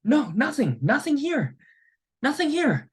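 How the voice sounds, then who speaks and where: A man impersonating a touchy male Italian luggage attendant, pitched far above his own voice, with a thick put-on Italian accent. He protests loudly and shouts in hot indignation. The voice is shrill and strained at the top. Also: wildly swooping pitch, a little slow, exaggerated voice. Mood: protesting. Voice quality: shrill, high-pitched mimicry.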